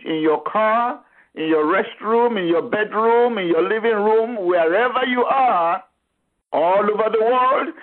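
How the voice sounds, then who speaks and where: A male preacher slowly chanting a blessing, drawing out each word. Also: high-pitched. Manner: slow, drawn-out declarations. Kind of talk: chanted blessing over music. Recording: phone-like radio sound.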